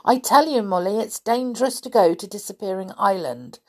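A cross, bossy storybook boy who scolds and insists, as a woman reads him aloud. The voice sits higher and louder than her own, with a husky edge. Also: normal speed, close to an everyday voice. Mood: warning.

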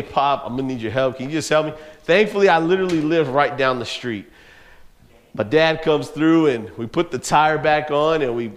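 A man preaching a youth sermon, telling a story with lively, laughing energy and talking straight to the young listeners. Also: a little high. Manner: animated storytelling, laughs often, addresses listeners as bro. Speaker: youth pastor.

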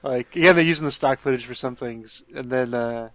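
A man's voice: medium pitch, normal speed, a bit bright, dry recording. A man co-hosting a podcast, rambling casually with lots of fillers and chuckles. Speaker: podcast co-host. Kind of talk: casual chat.

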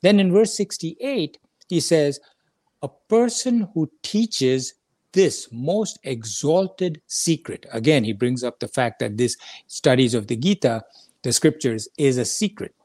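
A man's voice: a little high, expressive, a little slow, a little mellow, no room sound, clean studio sound. A man teaching a scripture lesson in an earnest, explanatory way, repeating his key points as he goes.

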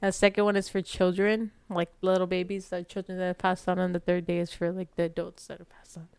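A woman's voice: on the low side, flat delivery, fast talker, gravelly, clean tone. A young woman co-hosting a podcast, rambling in casual chat with lots of fillers and restarts. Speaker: podcast co-host.

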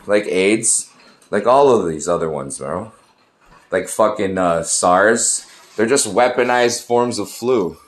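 A man's voice: fairly low pitch, lively intonation, slow. Profane rambling man in his thirties. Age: 30s. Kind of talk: casual ranting monologue. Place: room in an apartment complex. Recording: echoey room.

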